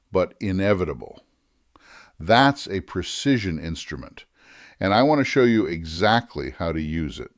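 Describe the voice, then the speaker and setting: Measured man with a lively, low voice. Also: no echo, clean studio sound. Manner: measured, deliberate delivery with slow emphasis on key phrases. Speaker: writing teacher. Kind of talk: scripted instructional narration.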